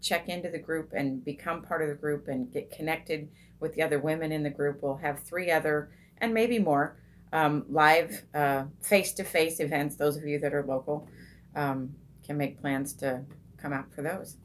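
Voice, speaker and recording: Gentle and unhurried, a low-voiced woman gives a casual teaching talk on meditation to the group she hosts. She says um often and restarts her sentences, and she becomes soft and slow while guiding breathing.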